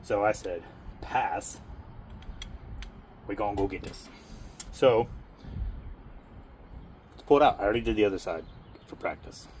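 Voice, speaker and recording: A man's voice: fairly low pitch, unhurried, long pauses, a little mellow, a little hiss or hum. A man chatting self-mockingly while working on his vehicle, out of breath from the effort, recorded on a camera mic outdoors. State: out of breath from work. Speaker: home mechanic vlogger. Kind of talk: casual workshop commentary. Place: outdoor driveway garage.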